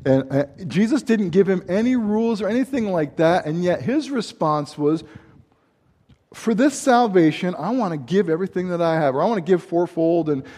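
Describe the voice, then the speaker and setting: A man preaching a sermon in a rambling, animated way, breaking off into asides and laughing at himself. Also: high voice, normal speed. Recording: hall reverb.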